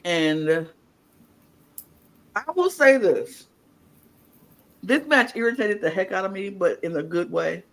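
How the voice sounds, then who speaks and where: A woman co-hosting a podcast in casual chat, retelling events in a loose, lively way and acting out what people said. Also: medium pitch, slow, pauses often. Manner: animated storyteller, acts out quotes; loose, colloquial phrasing. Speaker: podcast co-host.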